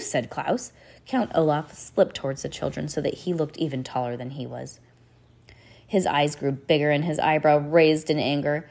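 A woman reading a storybook aloud as narrator, expressive and with varied pace. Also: sits low, normal speed, creaky.

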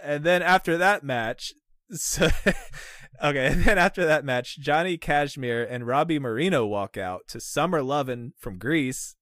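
A man with a fairly high voice co-hosts a casual wrestling podcast, walking through old matches with jokes and frequent laughs. The recording is dry and close, with no room sound. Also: fairly bright tone, dry recording. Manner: joking, recaps with laughs. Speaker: podcast co-host.

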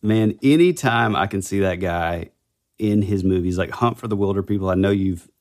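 A middle-aged man with a fairly low voice co-hosts a casual podcast. He sounds relaxed and agreeable, and often trails off partway through a thought. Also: moderate pace. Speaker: podcast co-host. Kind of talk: casual chat.

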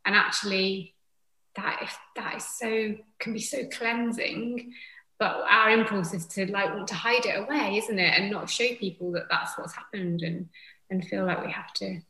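Woman, yoga teacher guest, bright tone, roomy echo, soft reflective pace. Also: medium pitch, fairly even intonation, normal speed. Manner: gentle, reflective, with soft fillers. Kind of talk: casual conversation.

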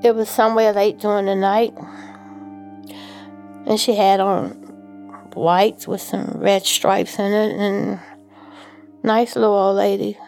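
A woman telling her own story in an interview, halting and repeating herself. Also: mid-range voice, flat delivery, a little mellow, soft background music. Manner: halting, many fillers and repeats. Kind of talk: personal recollection.

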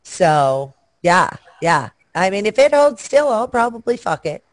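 A woman's voice: medium pitch, very animated, unhurried, no room sound. A woman guest chatting frankly and bawdily on a video call, joking as she goes. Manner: frank, bawdy, jokey. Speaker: guest performer. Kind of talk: casual chat.

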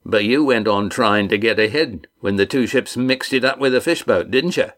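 A man reading the part of a tough innkeeper, speaking in a calm, dry, teasing way. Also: mid-range voice, moderate pace, voice pushed up, close to an everyday voice. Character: tough, wry innkeeper, calm under threat.

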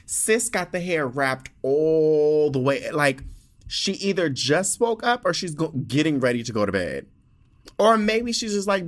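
A man's voice: a little high, very animated, slow. A man hosting his own podcast, talking casually and rambling with lots of fillers and laughs. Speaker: podcast host.

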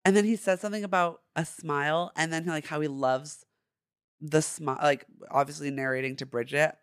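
A woman's voice: low voice, steady tone, moderate pace, clean tone, no echo, studio quality. A young woman co-hosting a podcast, playfully and sassily recapping a movie in casual chat. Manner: playful, sassy storyteller. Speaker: podcast co-host.

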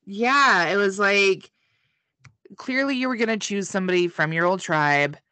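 A woman's voice: mid-range voice, moderate pace, sharp tone, no echo. A woman co-hosting a podcast, chatting casually about a show, giggling and swearing freely. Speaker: podcast co-host. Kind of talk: casual recap chat.

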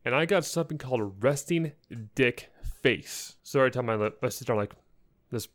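A man's voice: medium pitch, a little fast. Man ranting through a story on a podcast. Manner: animated storyteller, acts out the people he quotes. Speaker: podcast co-host. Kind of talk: casual chat, ranting story.

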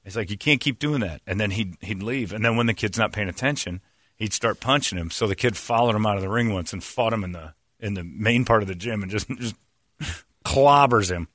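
A man's voice: on the low side, a little fast, fairly bright tone, no echo, clean studio sound. A man in casual sports talk, ranting bluntly and acting out what others said. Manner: blunt, ranting, acts out quotes in put-on voices.

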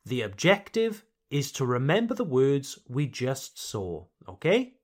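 A man hosting a podcast lesson, teaching vocabulary slowly and deliberately and repeating each word for learners. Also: medium pitch, very animated. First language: English. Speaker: English teacher and podcast host.

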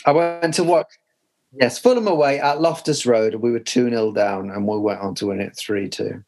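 A man's voice: mid-range voice, normal speed, darkish tone, rough recording. A man co-hosting a football podcast from a video call, chatting casually with a few hesitations. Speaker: podcast co-host. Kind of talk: casual chat.

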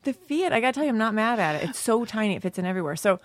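A middle-aged woman telling a story in casual chat, animated and swearing freely. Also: on the high side, racing. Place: Los Angeles.

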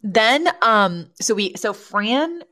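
A woman's voice: on the high side, slow pace. A woman co-hosting a podcast, chatting casually as she recaps a sitcom episode, laughing often and slipping into the characters' voices. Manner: animated, laughs often, acts out quoted characters. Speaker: podcast co-host.

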